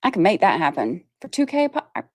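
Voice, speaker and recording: A woman's voice: mid-range voice, very animated, very fast, no echo, studio quality. A woman from Georgia, chatting casually on her livestream and laughing often as she talks to her viewers. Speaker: livestream host.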